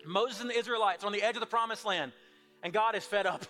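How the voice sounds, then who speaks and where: A male pastor delivering a sermon in a high, bright voice. He swings from loud, urgent pleading to hushed, near-whispered appeals. Soft music plays quietly behind him. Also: quick pace.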